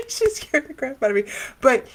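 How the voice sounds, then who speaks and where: A middle-aged woman, a psychic medium and live show host, runs a casual livestream chat in a loose, wandering way, laughing often. Her voice is high-pitched with big swings in pitch, at a normal speed.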